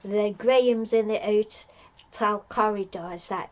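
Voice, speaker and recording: A woman's voice: mid-range voice, measured pace, dull audio. A woman recapping an episode in a rambling, chatty way, laughing at her own jokes. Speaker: fan reviewer.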